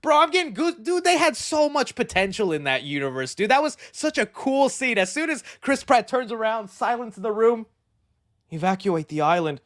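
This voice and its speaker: A man hosting a movie news show, talking in an excitable, slangy and rambling way. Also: extremely high pitch, fairly quick, hardly any pauses, no room sound, studio quality. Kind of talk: casual movie news commentary.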